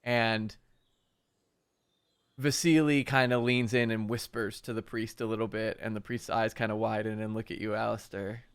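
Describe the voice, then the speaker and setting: Smooth-voiced man running a tabletop game. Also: lowish voice, little pitch movement, moderate pace. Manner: casual, full of fillers like "kinda". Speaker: game master.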